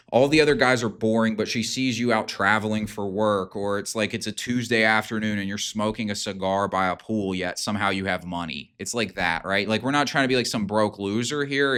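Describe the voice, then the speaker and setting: A man's voice: on the low side, a little fast, a bit bright, clear, resonant tone. A man hosting a self-improvement video, talking in a casual, rambling and emphatic way, full of fillers and swearing. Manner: rambling, filler-heavy, profane; emphatic, hyping. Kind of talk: casual unscripted monologue.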